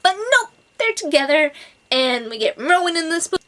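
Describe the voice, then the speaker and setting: Gushing woman with a bright voice. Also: extremely high pitch, normal speed. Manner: gushing, excitable, filler-heavy with lots of "like" and "oh my God". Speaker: book reviewer. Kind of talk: casual book review vlog.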